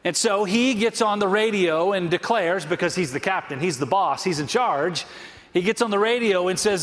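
A man's voice: high-pitched, a bit bright. Male pastor, sermon, emphatic storytelling, long hall reverb. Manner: storytelling preacher, emphatic slow phrases.

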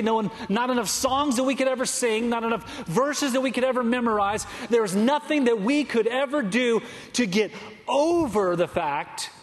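A man's voice: high voice, long reverb tail. A male pastor preaching a sermon with an emphatic, repetitive cadence, in a large sanctuary.

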